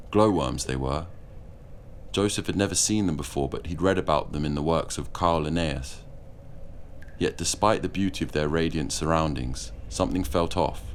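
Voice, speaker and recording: A man reading a historical fiction audiobook in a measured, steady storytelling manner. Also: extremely low pitch, a little hiss or hum. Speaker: audiobook narrator. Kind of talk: scripted narration.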